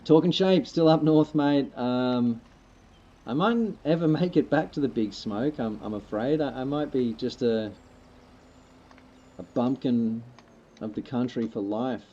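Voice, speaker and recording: Unhurried and warm, with a medium-pitched voice, this man plays a farming game on a livestream while casually rambling and joking with his audience. A lo-fi mic makes him sound slightly muffled.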